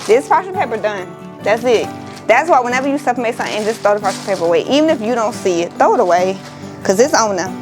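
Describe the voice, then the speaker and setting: A woman's voice: on the high side, big pitch swings, fast, music in the background, poor audio. A young woman from Miami, a crafting vlogger, chatting casually and emotionally to her viewers, exclaiming often and calling them y'all.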